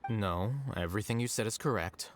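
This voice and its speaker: A man voicing a calm, analytical young man in a video game, measured and logical. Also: fairly low pitch, loud music behind the voice, natural voice.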